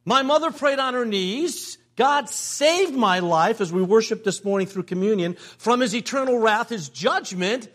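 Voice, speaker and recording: A man's voice: high-pitched, lively intonation, normal speed, few pauses, fairly bright tone. An older man preaching a sermon as a pastor. He tells stories, acts out family members' voices and repeats phrases for emphasis.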